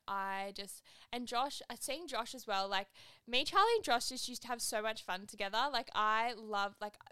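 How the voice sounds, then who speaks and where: A woman's voice: medium pitch, bright, forceful tone, clear, resonant tone, no room sound. A young woman hosting a solo podcast. She chats and rambles casually, saying "like" constantly. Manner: chatty, rambling, heavy use of "like". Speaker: podcast host.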